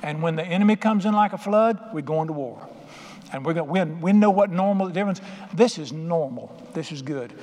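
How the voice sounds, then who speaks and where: Middle-aged guy preaching, folksy and punchy, voice a bit high, long echo of a church hall. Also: lively intonation, fairly quick, darkish tone. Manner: folksy, emphatic storytelling with southern colloquialisms. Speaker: pastor. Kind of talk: sermon.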